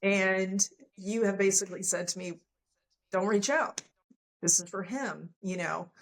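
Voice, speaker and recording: A woman's voice: medium pitch, unhurried, rough recording. Earnest woman telling a personal story. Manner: earnest, emotional, acts out quoted dialogue. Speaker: podcast guest.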